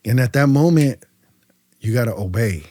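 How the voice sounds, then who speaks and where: A man from California's Central Valley tells his story as a podcast guest, with a mellow, relaxed tone. He talks in a loose, slangy way and acts out the dialogue with plenty of fillers. The sound is close and dry. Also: medium pitch, normal speed, no echo. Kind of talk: casual storytelling interview.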